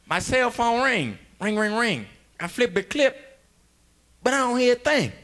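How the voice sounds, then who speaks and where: Young male stand-up comic, high bright voice, loud and rowdy, laughs through his bits. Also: very animated, unhurried. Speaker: stand-up comedian. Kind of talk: stand-up comedy set.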